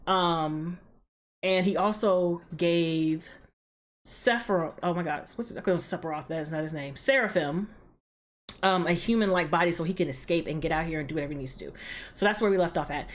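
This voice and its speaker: Woman, reaction video host, casual recap, slangy, profane, lowish voice. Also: normal speed.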